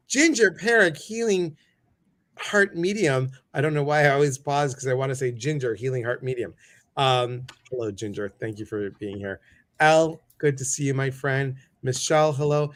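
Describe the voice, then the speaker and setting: A chatty, upbeat man hosts a casual livestream show. His voice sits at an ordinary middle pitch, and he runs through friendly greetings to viewers one after another. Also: moderate pace. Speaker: talk show host.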